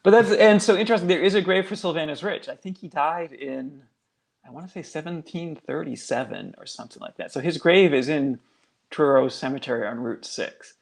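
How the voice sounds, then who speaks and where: Guy with a gravelly voice telling a spooky folk tale, chatty, lots of fillers. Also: fairly high pitch, a little fast. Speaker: guest author. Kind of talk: casual storytelling.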